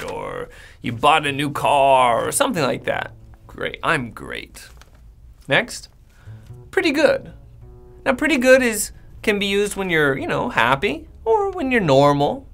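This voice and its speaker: A gravelly, medium-pitched American man who teaches English gives a casual lesson directly to the camera. Friendly and animated, he acts out sample replies.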